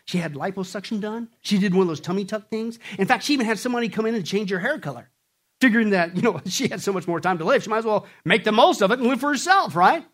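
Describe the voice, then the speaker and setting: A man preaching a sermon with jokes, swinging from loud to hushed and acting out voices. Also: sits high, animated, fast. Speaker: pastor.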